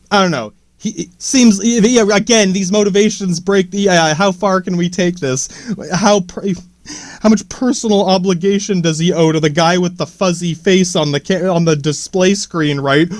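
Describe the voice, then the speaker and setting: A man's voice: sits high, normal speed, no room sound, studio quality. A young man hosting a podcast, riffing on a movie in a meandering, profane way full of restarts and asides. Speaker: podcast host. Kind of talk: rambling commentary on a movie.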